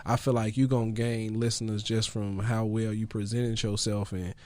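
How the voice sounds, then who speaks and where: A man's voice: fairly low pitch, level tone, normal speed, a little mellow, no room sound. A man co-hosting an online radio show, wrapping it up in friendly, casual slang. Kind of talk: casual interview chat.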